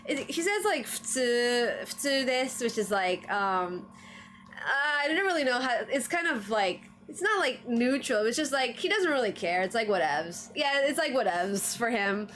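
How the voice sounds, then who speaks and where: A woman's voice: on the high side, sing-song, moderate pace, fairly bright tone. Chatty woman streamer, laughing often. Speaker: streamer reviewing anime trivia. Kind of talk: casual livestream chat.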